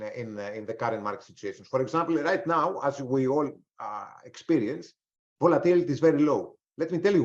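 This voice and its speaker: Rambling man giving a webinar talk. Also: medium pitch. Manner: rambling, frequent restarts and fillers. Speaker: webinar presenter, trader. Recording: slightly dull, lo-fi webinar audio.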